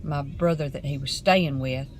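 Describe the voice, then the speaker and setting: A woman's voice: deep voice, background noise. Woman vlogging from her car. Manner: earnest, rambling, halting storytelling. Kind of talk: casual talk to camera.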